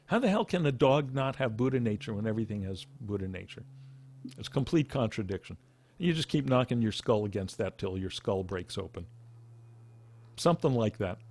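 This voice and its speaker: Animated man telling spiritual stories, dry. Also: medium pitch, no echo. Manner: animated storytelling with laughs and asides. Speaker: meditation teacher. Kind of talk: casual spiritual talk.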